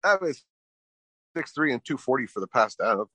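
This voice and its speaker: A middle-aged business owner, guesting on a podcast, tells a story casually in a mid-range, slightly breathy voice at a brisk pace. He swears a lot and animatedly acts out what each person said. No room sound is present.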